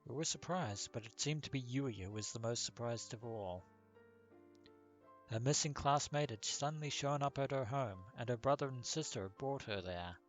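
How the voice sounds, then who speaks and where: A man's voice: medium pitch, normal speed, faint music behind. A man hosting a let's play, reading the game text aloud and adding comments with some fillers.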